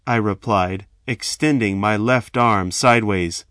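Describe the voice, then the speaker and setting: A man telling a first-person story in a slow, measured, dramatic way. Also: on the low side, a bit bright, no room sound, studio quality.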